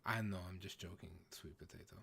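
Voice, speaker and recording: A man hosting a casual livestream, chatting with viewers in a playful, teasing way and often breaking into loud exclamations. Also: low voice, fairly quick, vocal fry, breathy edge. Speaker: livestream host. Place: home, in the UK.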